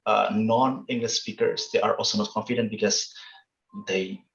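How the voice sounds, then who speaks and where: A man giving relaxed, reassuring advice in a discussion, with many fillers and restarts. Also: on the low side, normal speed, vocal fry, echoey room, highs cut off. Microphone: video call.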